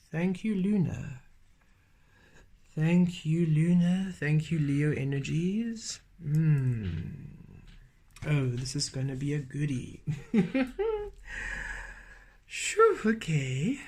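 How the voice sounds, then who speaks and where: Slow, chanting spiritual tarot reader. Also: mid-range voice, animated, mellow. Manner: slow, incantatory repetition with frequent laughter. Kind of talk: spiritual channeled reading. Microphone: camera on a table.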